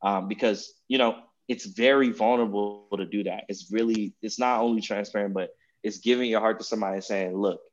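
Man podcast co-host, reflective and conversational, lowish voice, dull audio. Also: fairly even intonation, fairly quick. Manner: reflective, conversational, frequent "you know what I'm saying". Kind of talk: casual podcast chat.

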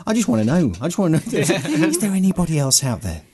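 A man's voice: a little high, huge pitch swings, quick pace, warm tone, slight background noise. A man hosting a film podcast, chatting casually in a jokey, self-mocking way. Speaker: podcast host. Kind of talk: casual chat.

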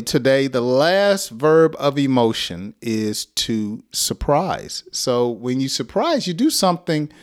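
A middle-aged American man explains English words at an unhurried, deliberate pace. His voice sits at a middle pitch and he keeps checking in with the listener as he teaches. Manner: slow, patient explanations with frequent "okay?" check-ins and chuckles. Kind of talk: casual spoken lesson.

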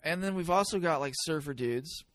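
A man hosting a casual podcast chat, easygoing and quick to agree and laugh along. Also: fairly high pitch, fairly bright tone, no room sound. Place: Sacramento.

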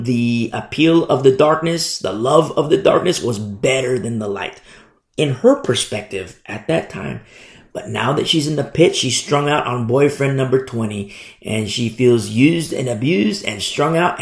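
A man's voice: mid-range voice, moderate pace. A man preaching a sermon, emphatic and fond of repeating phrases for effect. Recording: echoey room.

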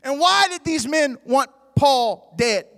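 Shouting high-pitched preacher in a hall. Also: male voice, animated, slow, gravelly. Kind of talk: sermon. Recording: long hall reverb.

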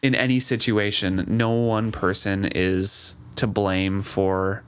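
A man's voice: on the low side, flat delivery, takes it slowly, clean tone. A man co-hosting a casual book chat, reading passages aloud and reflecting thoughtfully. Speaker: book discussion co-host.

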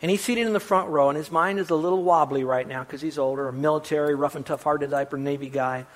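A man preaching a sermon as pastor, emphatic and animated, his voice climbing when he quotes scripture and dropping into wry asides to the congregation. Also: a little high, fast talker. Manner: emphatic and animated, voice rising on quotations.

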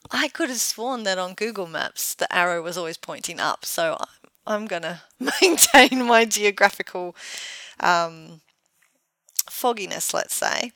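Woman, podcast co-host, bright tone, chatty, laughs a lot. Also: on the low side, lively intonation, a little slow, dry recording, low-quality recording. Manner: chatty, laughs often, self-mocking. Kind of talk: casual chat.

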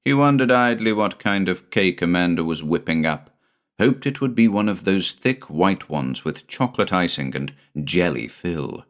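Deep-voiced man narrating an old tale. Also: lively intonation, normal speed. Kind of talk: audiobook narration of a vintage weird tale.

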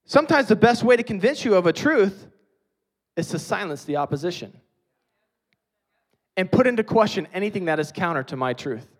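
A man preaching a sermon, emphatic, swinging between loud stressed phrases and quiet low passages. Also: animated, fast talker, hardly any pauses.

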